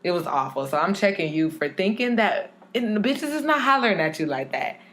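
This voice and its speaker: A woman's voice: medium pitch, sing-song, brisk, a bit bright, a little hiss or hum. A woman in her twenties co-hosting a podcast, chatting casually and telling stories with lots of swearing and laughter. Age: 20s. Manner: profane, laughing storyteller. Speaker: podcast co-host. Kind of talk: casual chat.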